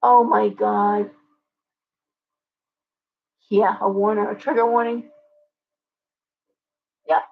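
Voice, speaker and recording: A woman's voice: mid-range voice, level tone, slow, gravelly, pauses often, phone-quality sound. A woman hosting a live stream, answering chat viewers by name in an opinionated, ranting way. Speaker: livestream host.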